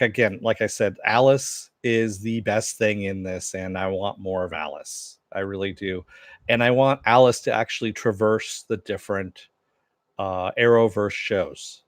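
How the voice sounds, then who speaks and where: Low-voiced man chatting casually, dry sound. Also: dry recording. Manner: rambling, loose, with many fillers and restarts. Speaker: show host. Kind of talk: casual live-stream chat with viewers.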